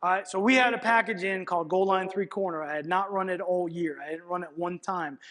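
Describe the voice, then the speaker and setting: High-voiced coach lecturing in a reverberant hall. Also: male voice, fairly quick. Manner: animated storytelling, frequent "all right" checks. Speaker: football coach presenting at a clinic. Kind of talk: coaching clinic talk, film breakdown. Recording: long reverb in a large hall.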